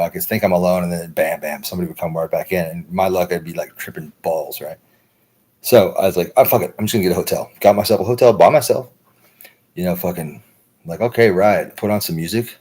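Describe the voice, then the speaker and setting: Talking a little fast, an American livestream host meanders through a loose, casual monologue in a deep, slightly raspy, husky voice. He curses freely and tags "right?" onto line after line while keeping things relaxed and chatty.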